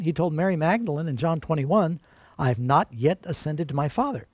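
A man's voice: fairly high pitch, brisk, darkish tone, dry recording. A man preaching a sermon in an earnest, emphatic way and calling his listeners friends.

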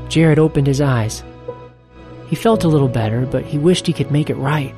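A narrator reading a story aloud in a steady, earnest manner over faint music. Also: medium pitch, moderate pace.

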